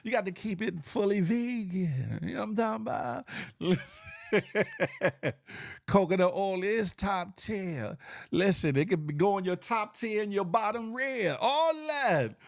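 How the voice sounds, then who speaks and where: With a measured pace and some vocal fry, a Southern-accented man hosts an easygoing morning stream, reading viewers' comments aloud. He's animated and laughs frequently, his pitch jumping around. The studio audio is clean with no room sound.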